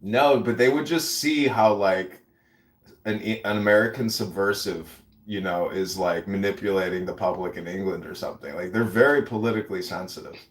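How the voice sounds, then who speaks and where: Low-voiced male guest, chatty and rambling, echoey room. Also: normal speed. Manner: rambling storyteller, many likes and you-knows. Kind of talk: casual chat. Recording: roomy echo.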